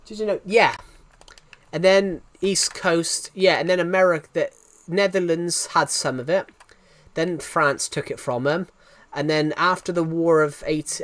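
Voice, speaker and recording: A young British man with a thick regional accent chats loosely on a livestream. He restarts sentences and circles back on himself. His voice sits slightly high. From United Kingdom. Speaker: game streamer. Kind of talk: casual livestream chat.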